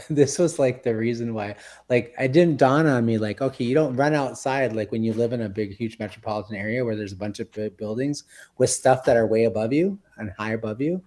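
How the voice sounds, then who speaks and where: A man's voice: mid-range voice, a little fast, mellow. A man around sixty, a health guest on a radio talk show, telling stories in a rambling way full of fillers. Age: about 60. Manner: rambling, full of "like" and "you know". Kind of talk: casual radio chat.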